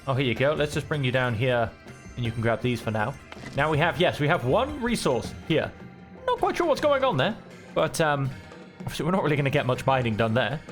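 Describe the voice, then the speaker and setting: Easygoing male streamer, mid-pitched voice, casual let's-play chatter over faint background music. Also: a bit bright. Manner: easygoing, chatty, thinks aloud. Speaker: gameplay streamer. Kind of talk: relaxed let's-play commentary.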